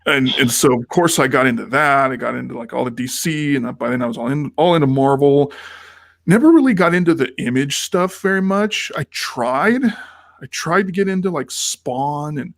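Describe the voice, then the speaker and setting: A fairly high-voiced man co-hosting a casual podcast, telling a rambling story and jumping into the quoted voices of the people in it. The sound is dry and close, with no room in it. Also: animated, normal speed, creaky, no room sound. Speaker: podcast co-host. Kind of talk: casual chat.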